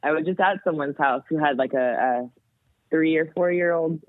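A woman guest on a podcast, chatting casually and telling stories in an animated way. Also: low-pitched, normal speed, dry recording. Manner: animated storytelling. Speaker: guest, metal vocalist. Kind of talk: casual chat. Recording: tinny phone-like sound, dry.

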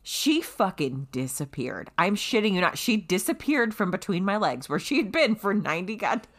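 A woman telling a story in casual chat, animated and swearing freely, loudly acting out what people said. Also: medium pitch, normal speed. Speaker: guest telling her birth story.

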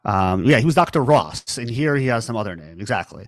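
A man co-hosting a casual podcast chat, hesitant, with frequent ums, and quick to laugh. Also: lowish voice, animated, no room sound, studio quality. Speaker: podcast co-host.

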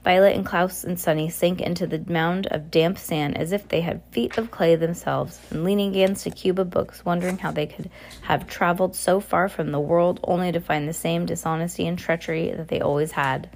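A woman narrating a novel aloud in a steady amateur reading, with frequent slips and restarts. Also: fairly low pitch, moderate pace. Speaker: audiobook reader.

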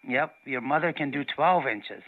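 A man making a prank call, answering in flat, repetitive short taunts. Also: medium pitch, moderate pace. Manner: deadpan, repeats the same short taunts. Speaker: prank caller. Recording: dull lo-fi call audio.

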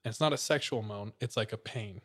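A man's voice: on the low side, fairly quick. A man casually retelling a creepy story, full of fillers. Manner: relaxed storyteller, many "like" fillers.

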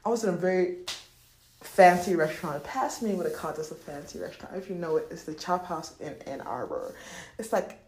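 A woman's voice: fairly low pitch, brisk, darkish tone, reverberant. A woman hosting a podcast in casual spiritual talk about money, slangy and profane, laughing often and acting out voices. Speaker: podcast host.

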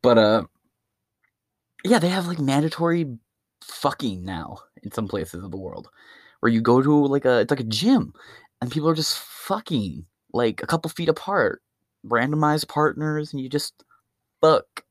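A man's voice: mid-range voice, very animated, moderate pace, no echo, clean studio sound. A man hosting his own podcast, delivering a crude, profane, rambling stand-up style rant. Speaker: podcast host.

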